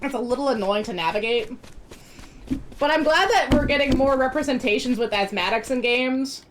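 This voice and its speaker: A woman's voice: high voice, normal speed, noisy background. A woman streaming a video game, chatting casually in a rambling way and laughing often. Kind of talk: casual chat while gaming.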